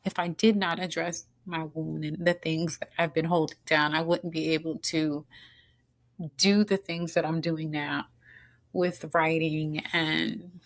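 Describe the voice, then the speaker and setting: A middle-aged woman guest telling her personal story in an earnest, halting way, with many restarts and moments of being choked up with tears. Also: low-pitched, fairly even intonation. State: tearful, choked up at times. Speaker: podcast guest.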